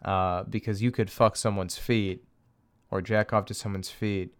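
A man's voice: on the low side, fairly even intonation, measured pace, clear, resonant tone. A young man rambling through a crude comedic rant on his own, chuckling and swearing as he goes. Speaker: podcaster. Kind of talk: casual solo comedic rant.

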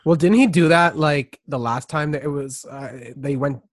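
A man's voice: on the high side, normal speed, no room sound. A man co-hosting a casual sports podcast, rambling and restarting his sentences. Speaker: podcast co-host.

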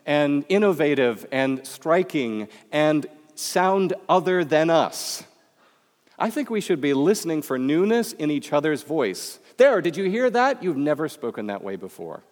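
A man delivers a chapel sermon with a lively, rising and falling voice that swings from emphatic to hushed. His words ring out with the long reverb of a chapel hall. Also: fairly high pitch. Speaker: preacher.

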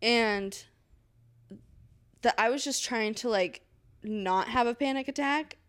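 A woman co-hosting a podcast, telling a story in an animated way with laughter and swearing. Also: fairly high pitch, slow pace, smooth, no room sound. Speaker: podcast co-host. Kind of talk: casual chat.

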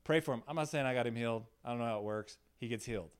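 A man's voice: mid-range voice, rapid-fire, clear, resonant tone. A man preaching an informal sermon in a small room, telling stories with laughter and frequent "right?" asides to his listeners. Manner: animated, laughing, frequent "right?" tag questions. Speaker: pastor. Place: small room in a church setting.

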